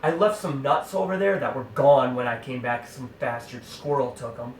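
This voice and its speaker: A man tells a rambling hunting story in an animated, exasperated way, stopping often for fillers and asides. His voice sits at a middling pitch and sounds roomy, picked up from some distance, with a faint hum underneath. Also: moderate pace. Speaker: hunting club member telling a story. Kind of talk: casual spoken anecdote.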